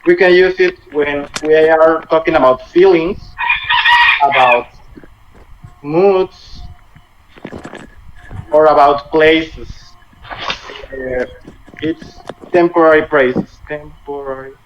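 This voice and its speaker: A man with a Latin American Spanish accent, teaching a language class online, explaining grammar slowly and patiently in simple English. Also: fairly high pitch. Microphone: video call. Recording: muffled video-call audio with faint noise.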